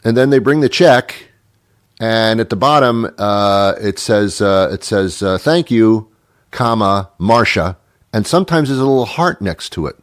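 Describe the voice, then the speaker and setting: A man's voice: fairly low pitch, animated, moderate pace, no echo, studio quality. A middle-aged man hosting a radio show, delivering a rambling, wry comedic monologue with many restarts. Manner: rambling, self-interrupting, wry.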